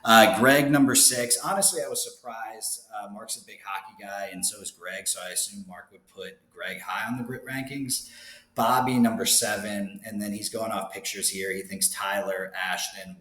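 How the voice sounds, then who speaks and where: A man's voice: lowish voice, pushed and bright. A young man hosting a fantasy league recap, talking in a casual, rambling way with lots of fillers and wry asides. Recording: echoey room.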